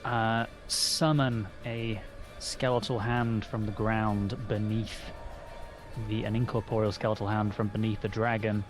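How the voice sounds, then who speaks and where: A man playing a tabletop game, describing his character's moves in halting speech with many fillers. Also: lowish voice, flat delivery, faint music behind. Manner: halting, filler-heavy storytelling.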